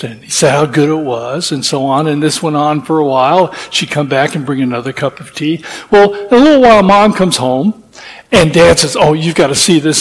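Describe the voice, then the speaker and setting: Man preaching in a reverberant hall. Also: fairly high pitch. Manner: folksy, rambling with restarts. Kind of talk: sermon with storytelling.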